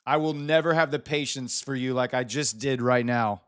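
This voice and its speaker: A man's voice: mid-range voice, normal speed, clear, resonant tone, no room sound, studio quality. A man hosting a live stream, teasing and mock-scolding a viewer in casual chat banter. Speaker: livestream host.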